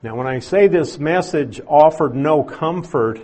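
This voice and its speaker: A man with a husky, slightly breathy voice preaches through a Bible passage. He explains verses in a plain way and drops in casual asides. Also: on the high side, animated, measured pace, warm tone. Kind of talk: expository sermon.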